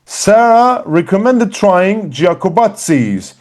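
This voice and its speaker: A man teaching an English lesson, slow and patient, encouraging his students. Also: a little high, expressive, a little mellow. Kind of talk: classroom lesson.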